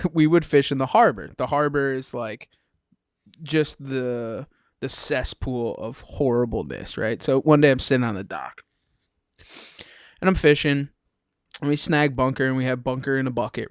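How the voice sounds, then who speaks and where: A man hosting a podcast, telling lively, slangy stories in casual chat. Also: mid-range voice, clear, resonant tone, dry recording, clean studio sound. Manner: animated, slangy storyteller. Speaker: podcast host.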